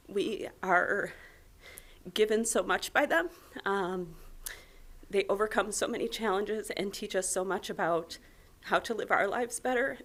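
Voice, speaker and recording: An American woman accepts an award on behalf of her office. She sounds tearful and grateful, and she fills her pauses with ums. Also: medium pitch, a bit bright. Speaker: public defender accepting award. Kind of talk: acceptance speech.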